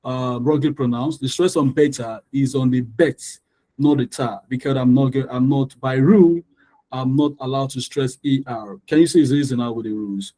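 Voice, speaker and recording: Male English tutor, pronunciation lesson, mellow dark tone, mid pitch, preachy, repetitive drilling. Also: moderate pace, rough recording. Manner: preachy, repeats words to drill stress patterns.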